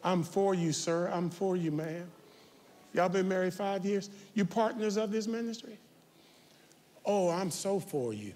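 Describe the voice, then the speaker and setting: A man preaching a sermon as pastor, talking straight to his congregation and building to shouted, confrontational calls. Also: high voice, measured pace, soft background music. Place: large church sanctuary. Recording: reverberant church sanctuary.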